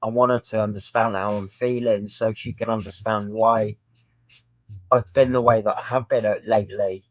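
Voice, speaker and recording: A man's voice: lowish voice, steady tone, moderate pace, dry recording, muffled recording. A man talking frankly to camera in a personal vlog, rambling with many filler ums. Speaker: vlogger.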